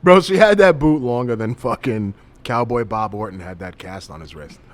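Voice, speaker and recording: A man's voice: medium pitch, lively intonation, normal speed. A man hosting a casual podcast, joking around and swearing freely as he tells stories. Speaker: podcast host.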